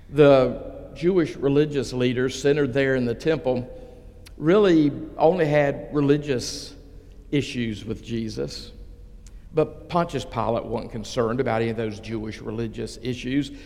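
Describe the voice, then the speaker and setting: A man preaching a sermon as pastor, retelling a story slowly and dramatically with voiced quotes. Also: mid-range voice, gravelly, darkish tone, big-room sound.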